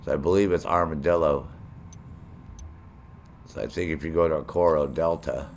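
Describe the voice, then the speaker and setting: A man's voice: very deep voice, fairly even intonation, normal speed, a little hiss or hum. A middle-aged man streaming a video game, joking and swearing as he banters with his chat. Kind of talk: live gameplay commentary.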